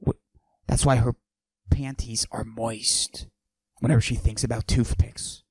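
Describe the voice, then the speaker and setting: A man doing a cocky macho character who forces his voice deep and breathy, in a comedic podcast monologue. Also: little pitch movement, measured pace, darkish tone, no echo. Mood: swaggering. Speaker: podcast host.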